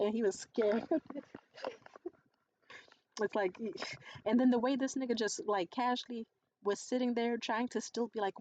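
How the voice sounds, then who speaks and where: A young adult woman in a casual vlog monologue, telling stories in a blunt, profane and animated way. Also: a little high, normal speed, dull audio. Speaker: vlogger.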